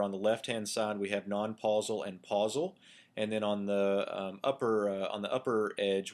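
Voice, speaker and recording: A man teaching a recorded lecture over slides, explaining step by step in a relaxed way with frequent ums and uhs. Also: lowish voice. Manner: explains step by step, asking himself questions. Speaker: Hebrew instructor.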